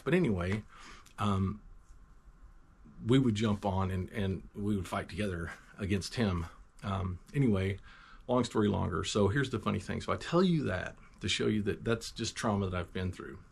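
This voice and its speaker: A man with a low, gravelly voice tells his testimony as a rambling, emphatic story, often restarting and wandering into asides. Faint ambient noise sits behind him. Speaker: Christian testimony vlogger.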